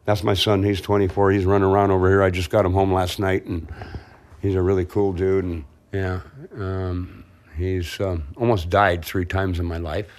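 A man's voice: low-pitched, flat delivery, normal speed, darkish tone. A man in his sixties talking casually and candidly outdoors, rambling and laughing easily. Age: 60s. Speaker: interviewee, boat owner. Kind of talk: casual chat. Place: outdoors, home and harbor.

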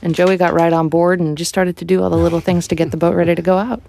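A woman narrating a radio story in a relaxed storytelling manner. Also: lowish voice, fast, creaky, a little hiss or hum. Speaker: reporter, narrator. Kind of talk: scripted narration.

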